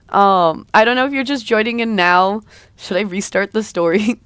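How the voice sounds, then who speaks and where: A woman's voice: mid-range voice, normal speed, fairly bright tone, clean tone, dry recording, clean studio sound. A woman streamer with a slightly raw voice, chatting casually with her viewers in a rambling, hesitant way. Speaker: streamer and artist. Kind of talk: casual live-stream chat.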